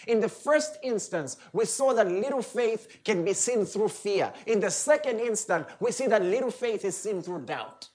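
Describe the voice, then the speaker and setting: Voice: medium pitch, animated, normal speed, a little mellow. A preacher giving a sermon, reading scripture aloud and then commenting on it with emphatic, repeated rhetorical questions.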